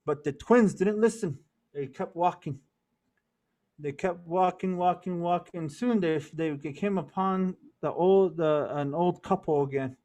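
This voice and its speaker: A man's voice: high-pitched, measured pace, darkish tone. A man telling a traditional story as a lesson, repeating words for rhythm and mixing in Navajo words. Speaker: storyteller and cultural presenter.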